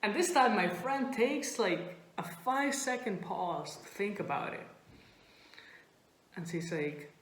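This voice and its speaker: A woman doing stand-up, telling a story in an animated way and laughing often. Her first language is Spanish. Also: mid-range voice, slow, pauses often, heavy reverb, low-quality recording. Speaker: stand-up comedian. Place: comedy club stage.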